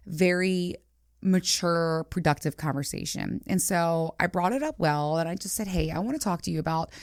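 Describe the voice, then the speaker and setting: Candid forties woman host, a little low in pitch, dry studio sound, explicit chatty delivery. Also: normal speed, dry recording. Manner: frank, explicit, chatty with many fillers. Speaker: podcast host. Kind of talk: candid casual chat.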